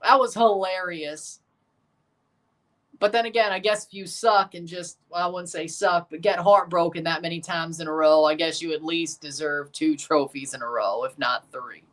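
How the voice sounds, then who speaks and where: A man's voice: on the high side, steady tone, normal speed, few pauses, fairly bright tone. A man streaming casual, opinionated commentary as he watches a football match and talks to his viewers.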